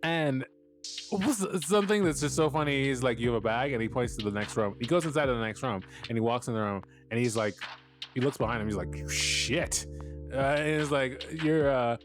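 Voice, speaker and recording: A man's voice: mid-range voice, a little fast, faint music behind. A man hosting a podcast, recapping a TV episode in a loose, rambling way, full of fillers, swearing and frequent laughter. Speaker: podcast host.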